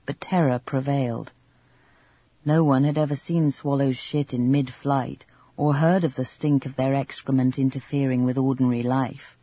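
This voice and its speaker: A man reading a novel aloud in measured, even scripted narration. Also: fairly high pitch, breathy edge, no echo. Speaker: audiobook narrator. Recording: dull lo-fi recording.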